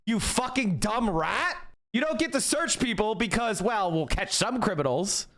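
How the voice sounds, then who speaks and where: A man's voice: sits high, animated, moderate pace, a bit bright. A man commentating on a court ruling, breaking off into angry, profane, incredulous tirades. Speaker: political commentator. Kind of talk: reading a court ruling aloud and ranting over it.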